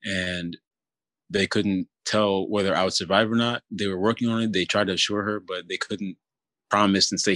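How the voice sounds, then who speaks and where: Casual young man, deep steady voice, dry close recording, personal storytelling. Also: moderate pace, no echo. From Philadelphia area. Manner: casual, many fillers like "you know" and "kinda".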